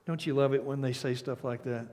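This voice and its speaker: An older man preaching a sermon as pastor, earnest, often restarting and repeating words, dropping to a soft, hushed tone at key points. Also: medium pitch, fairly even intonation, a little fast. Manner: reads a story aloud and drops to a soft, hushed tone at key points.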